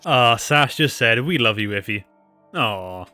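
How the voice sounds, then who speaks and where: Bright-toned man rambling on stream. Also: medium pitch, animated, a little slow, soft background music. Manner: rambling anecdotes with many fillers and laughs. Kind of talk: casual live-stream chat.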